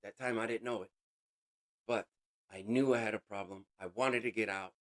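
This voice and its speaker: A man giving an emotional personal testimony as an interview guest, halting and casual, with street slang. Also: fairly low pitch, steady tone. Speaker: interview guest sharing a recovery story.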